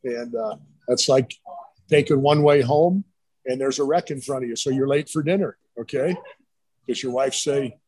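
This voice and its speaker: Husky middle-aged guy, retired coach, rambles thru stories and does little voices for quotes. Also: medium pitch, normal speed, darkish tone, poor audio. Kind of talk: casual interview talk.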